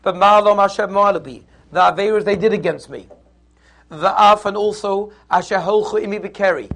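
A man teaching a Torah class, lively and conversational, who acts out little scenes in voices. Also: sits high, normal speed. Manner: animated, acts out the quarrel in put-on voices.

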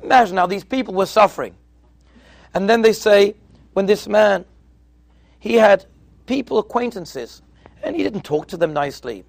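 A man's voice: sits high, expressive, moderate pace, gravelly, pauses often, no room sound. A man, a rabbi, giving a sermon to yeshiva students, telling stories and acting out their dialogue, with Hebrew and Yiddish terms mixed in. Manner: storytelling, acting out dialogue in quotes.

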